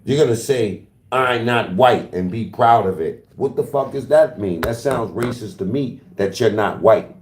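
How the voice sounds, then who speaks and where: A man's voice: on the low side, normal speed, darkish tone, echoey room, slight background noise. A man livestreaming in casual talk to his chat, taunting and profane as he trash-talks.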